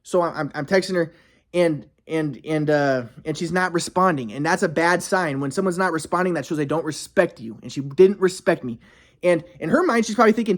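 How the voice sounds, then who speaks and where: A man's voice: sits high, a little fast. A man telling a personal story in a rambling, emphatic, profane way. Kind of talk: casual storytelling monologue.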